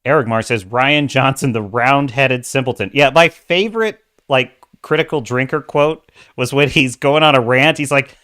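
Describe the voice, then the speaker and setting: A man's voice: mid-range voice, animated, moderate pace, hardly any pauses, bright, forceful tone, clear, resonant tone. A middle-aged man hosting a livestream, giving opinionated, ranting commentary and reading viewer chat aloud. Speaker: livestream host.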